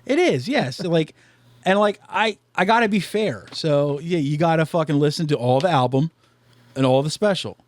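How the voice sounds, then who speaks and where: A man's voice: on the high side, expressive, normal speed. A man hosting a podcast in casual chat, talking loosely with lots of swearing and fillers. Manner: loose and profane, many fillers. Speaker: podcast host.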